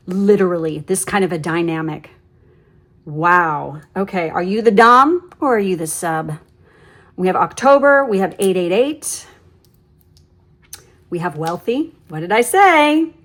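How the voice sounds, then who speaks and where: Ranting, foul-mouthed woman tarot reader. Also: medium pitch. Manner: blunt, ranting, swears freely; animated storyteller with many fillers. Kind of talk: casual tarot reading monologue.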